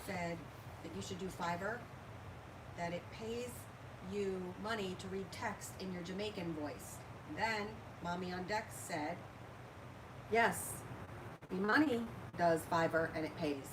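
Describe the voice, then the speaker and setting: A woman co-hosting a live stream, reading out viewers' comments in a quiet voice. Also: lowish voice, measured pace. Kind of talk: casual live stream chat. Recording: distant from mic with noise.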